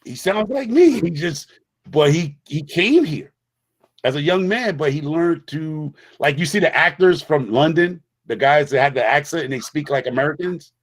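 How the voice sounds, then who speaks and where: A man's voice: a little high, animated, normal speed. Emphatic middle-aged New man. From the Bronx, New York. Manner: emphatic, repetitive storyteller with frequent restarts. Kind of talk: casual conversation.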